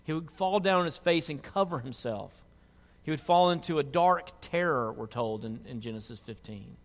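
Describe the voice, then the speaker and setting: Pastor, male, earnest preacher with stumbling restarts; a bit high-pitched, recorded with a long reverberant hall tail. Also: expressive, moderate pace. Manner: earnest, repeats words as he restarts. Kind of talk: sermon.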